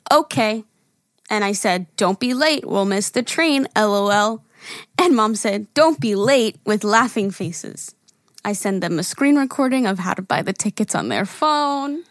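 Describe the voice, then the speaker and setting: A woman's voice: a little high, a bit bright, no room sound, clean studio sound. A young woman co-hosting a podcast, telling a funny family story in casual chat and reading text messages aloud between laughs. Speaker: podcast co-host.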